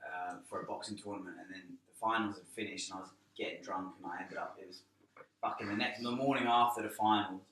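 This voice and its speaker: A man's voice: lowish voice, fairly even intonation, fast, bright, forceful tone, slight background noise. A man in casual podcast chat, blunt and swearing freely as he tells a story. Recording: roomy, distant mic, faint ambience.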